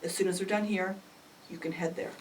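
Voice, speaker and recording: A middle-aged woman recounting a family crisis in an emotional, animated way, acting out the dialogue with sudden jumps in pitch. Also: brisk. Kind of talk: emotional personal storytelling. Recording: distant mic with faint ambient noise.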